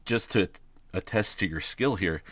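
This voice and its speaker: A man's voice: low-pitched, unhurried, a bit bright, no echo. A man and game master talking casually on a podcast, thoughtful and often restarting his phrases.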